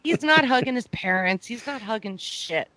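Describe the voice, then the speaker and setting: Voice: medium pitch, lively intonation, normal speed, bright, forceful tone, no room sound. Sardonic podcast co-host, dry close sound. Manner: sardonic, mocking. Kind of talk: casual podcast chat.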